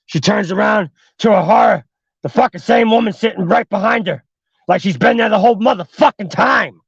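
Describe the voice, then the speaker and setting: Host, male, high-ish gravelly voice, profane casual horror storyteller, dull dry livestream audio. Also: brisk, no echo. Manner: heavy swearing, fillers like "like". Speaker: podcast host.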